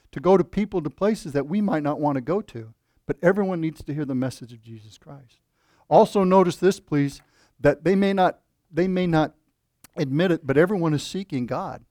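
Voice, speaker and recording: A man's voice: on the high side, a little mellow, no room sound, studio quality. A man preaching a sermon in a conversational way, with asides and rhetorical questions to the congregation. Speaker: pastor.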